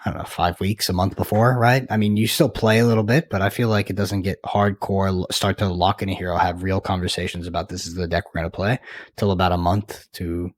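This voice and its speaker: A man co-hosting a podcast, talking in a relaxed, joking way and thinking aloud. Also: sits low, fairly quick, no room sound. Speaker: podcast co-host. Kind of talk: casual podcast chat.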